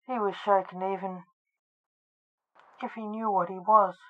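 A woman narrating a spooky storybook in a steady, measured way. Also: mid-range voice. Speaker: audiobook narrator. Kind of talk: scripted narration. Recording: tinny phone-like sound.

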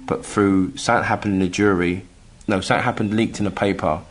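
A middle-aged man from England telling a personal story in casual chat, halting with many restarts and acting out the voices he quotes. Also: on the low side, fairly even intonation, a little hiss or hum. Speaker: guest telling his story.

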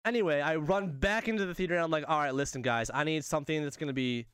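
A young man spins a funny anecdote in easy, casual chat, laughing often and slipping into the voices of the people in it. His voice sits a little high and comes through smooth and clear. The sound is close and dry, with no room around it. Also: fast, a bit bright, no echo.

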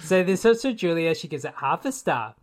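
A man with a lively, rising-and-falling voice hosts a casual film-review segment. He stays easygoing and agreeable, chuckling between the reviews he reads aloud. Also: fairly high pitch, fairly quick. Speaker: podcast co-host.

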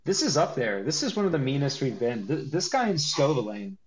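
A man co-hosting a podcast in casual chat, animated and joking, with a lot of laughing and restarts. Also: medium pitch, brisk, dull audio, noisy background. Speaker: podcast co-host.

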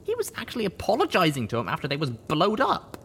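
A man's voice: on the high side, huge pitch swings, fast, fairly bright tone, a little hiss or hum, pitched above the performer's own voice, exaggerated voice. A man voicing a small young pony filly in an audiobook, chirpy and matter-of-fact. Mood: amused. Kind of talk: audiobook character voice.

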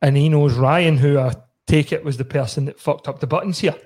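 A man's voice: a little high, fairly even intonation, brisk, darkish tone. A man with a Scottish accent hosting a football podcast in casual, laughing, sweary banter. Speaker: podcast host. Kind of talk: casual chat.

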